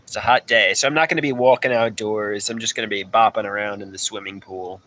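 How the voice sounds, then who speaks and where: A man's voice: lowish voice, steady tone, fast, sharp tone, slight background noise. A man chatting in a rambling way on a phone livestream from an outdoor swimming pool, putting on a mock New York accent. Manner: rambling, hums and sings snippets. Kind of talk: casual livestream chat answering comments. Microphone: phone camera.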